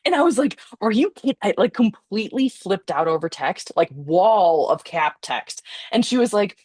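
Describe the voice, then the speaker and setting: A woman's voice: mid-range voice, expressive, normal speed, a little mellow, no room sound, studio quality. A young woman co-hosting a podcast, telling a rambling story in a chatty, giggly way. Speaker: podcast co-host. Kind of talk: casual chat.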